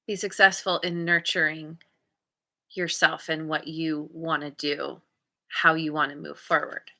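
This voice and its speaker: A woman's voice: sits low, flat delivery, unhurried, sharp tone. A woman giving a casual tarot reading, thoughtfully searching for words as she reads the cards aloud. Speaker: tarot reader.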